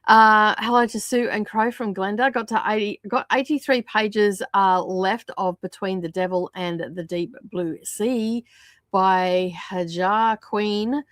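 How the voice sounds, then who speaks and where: A woman hosting a casual livestream, greeting viewers and chatting, her voice croaky from a sore throat. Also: mid-range voice, fairly even intonation, takes it slowly, fairly bright tone, no echo, clean studio sound. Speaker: livestream host. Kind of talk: casual livestream chat reading out viewer comments.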